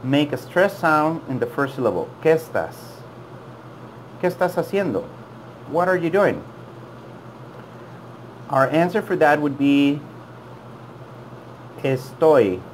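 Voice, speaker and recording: Slow, patient male language teacher. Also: on the high side, expressive, slight background noise. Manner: repeats words slowly and patiently for learners. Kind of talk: slow, deliberate language lesson.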